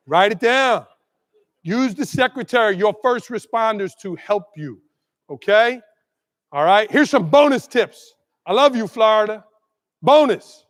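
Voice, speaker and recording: A man giving an energetic motivational keynote to school administrators, acting out quick exchanges with staff and parents. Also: very high-pitched. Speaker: keynote speaker. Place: large conference hall. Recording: long hall reverb.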